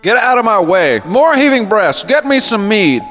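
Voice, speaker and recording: A pompous, crude medieval lord bellows orders in mock archaic English, as a man puts him on. His voice sits fairly high and swings widely. A long hall reverb trails it, with faint music underneath. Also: very animated, normal speed, fairly bright tone. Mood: boisterous.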